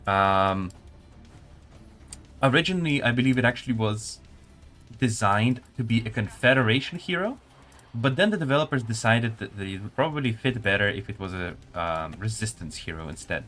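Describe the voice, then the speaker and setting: A man's voice: lowish voice, lively intonation, normal speed, a bit bright, soft background music. A man working as a community manager, casually chatting with viewers and commenting on a match during a live stream. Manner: casual, answers chat while spectating a match.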